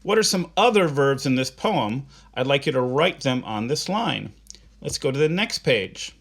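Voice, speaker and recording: In a recorded online lesson, a man teaches patiently, posing easy questions to students and reading brief poems aloud. He speaks at normal speed in a medium-pitched, animated voice that is creaky, husky, and fairly bright.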